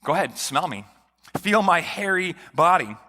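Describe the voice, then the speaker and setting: A man's voice: fairly high pitch, sing-song, normal speed, bright, forceful tone, full character voice. A man doing a young impostor son. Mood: insistent. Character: young man pretending to be his brother. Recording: long church reverb.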